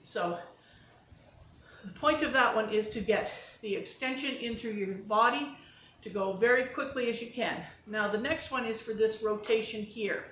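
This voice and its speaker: A woman's voice: on the high side, normal speed, fairly bright tone, slight background noise. Chatty woman in an echoey room. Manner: chatty, self-deprecating, talks through each movement. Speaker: vlogger demonstrating exercises and telling stories. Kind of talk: casual talk to camera. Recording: roomy echo with faint ambience.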